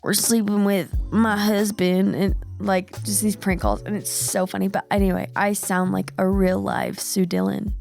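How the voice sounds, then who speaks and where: Gravelly-voiced woman with a cold. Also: mid-range voice, flat delivery, moderate pace, hardly any pauses, darkish tone, soft background music. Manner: chatty, rambling, laughs often. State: sick with a cold, rough voice. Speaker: podcast co-host. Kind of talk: casual chat.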